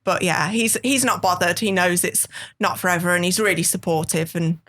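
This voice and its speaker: A woman's voice: on the low side, fairly even intonation, fairly quick, a bit bright. Chatty Birmingham-accented woman. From England. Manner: chatty, laughs often, swears casually. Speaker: guest, model. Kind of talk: casual podcast chat.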